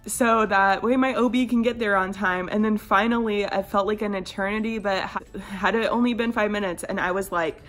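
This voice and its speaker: A young woman in her twenties telling a birth storytime on her vlog in a casual, chatty way, full of "like" fillers and lively quoted voices. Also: mid-range voice, a little fast, hardly any pauses. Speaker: vlogger.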